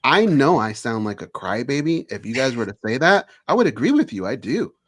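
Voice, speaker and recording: A man's voice: medium pitch, sing-song, a little fast, a bit bright. Impassioned man ranting on a sports panel. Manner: impassioned, self-aware complaining. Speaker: co-host of a sports roundtable. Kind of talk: passionate rant.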